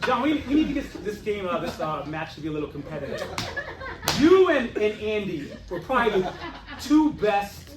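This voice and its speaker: Man, game show host, lively up-and-down voice, high-pitched, far from mic, echoey loud club. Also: moderate pace, heavy background noise. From Boston. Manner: animated, teasing questions. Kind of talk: hosting comedy banter.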